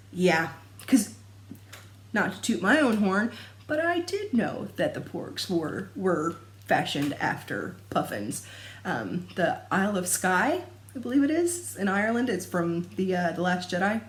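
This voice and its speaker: A woman's voice: lowish voice, very animated, a little slow. A young adult woman chatting casually to camera about her stitching, rambling and laughing often. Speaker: cross-stitch vlogger. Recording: echoey room.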